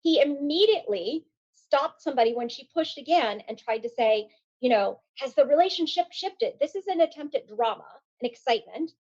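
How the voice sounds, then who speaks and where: A woman's voice: a little high, expressive, a little fast, darkish tone, dull audio. A woman panelist giving political commentary on a group call, analytical and recounting quotes with frequent fillers. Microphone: online call mic.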